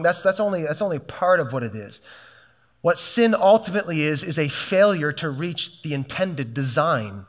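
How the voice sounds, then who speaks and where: A man's voice: a little high, lively intonation, normal speed. A middle-aged man preaching a sermon as a pastor, fervent and conversational, often restarting his sentences.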